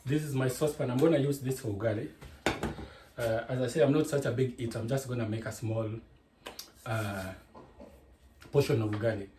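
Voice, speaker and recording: A home cook with a Kenyan accent explains each step of a dish from his kitchen, chatting and going off on tangents. He talks fairly quickly at a medium pitch but pauses often, and there is echo and faint noise in the room.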